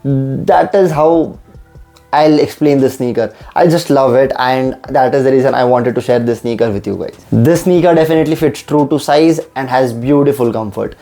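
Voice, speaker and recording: A young man reviews sneakers in an unboxing video. His voice is mellow, and his pitch sits in the middle of the male range. He talks with steady enthusiasm and keeps saying how much he loves each pair. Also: moderate pace. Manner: enthusiastic, repeats "I just love".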